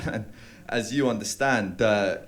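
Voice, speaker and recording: A young adult stand-up comedian from London, speaking with a London accent in a low, slow voice, performs a set on a comedy club stage. He tells deadpan stories with hesitant fillers and bursts of put-on voices, recorded in a live room where the audience laughs loudly.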